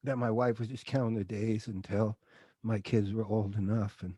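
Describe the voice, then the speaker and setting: A middle-aged man speaks as an interview guest, open and emotional, and he keeps saying dude. His voice is mellow and dark, and the recording is dry and close. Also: on the low side, flat delivery, normal speed, slightly rough, dry recording. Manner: emotional, confessional, says dude often. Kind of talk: candid interview storytelling.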